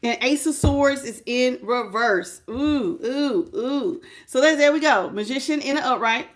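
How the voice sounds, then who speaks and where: A woman's voice: high-pitched, moderate pace. A middle-aged woman reading tarot on a livestream, chatting casually with viewers, greeting them by name and calling them baby. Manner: prayerful invocation. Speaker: tarot reader.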